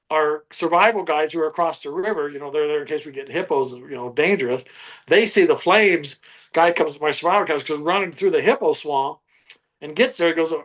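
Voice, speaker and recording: A man's voice: fairly high pitch, poor audio. An older man, a survivalist guest, telling his story in an interview and acting out what he and others said. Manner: animated storyteller, acts out his own quotes.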